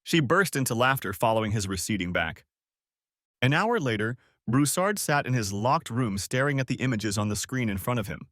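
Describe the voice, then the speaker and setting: A man narrating an audiobook story in an expressive storytelling read. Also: mid-range voice, normal speed, no echo, studio quality. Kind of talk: scripted narration.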